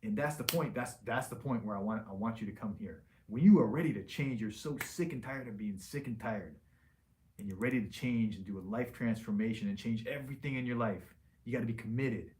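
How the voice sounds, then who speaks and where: Guy surgeon answering patient questions, lowish voice, blunt and chatty, lots of restarts. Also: a little fast, a little mellow. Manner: frank, plain-spoken, loose with restarts. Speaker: liposuction surgeon. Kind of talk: casual patient Q&A.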